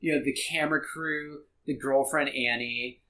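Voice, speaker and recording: Male podcast guest, mid-pitched, earnest and rambling, full of restarts. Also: steady tone, moderate pace, pushed and bright, rough recording. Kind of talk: casual reaction chat.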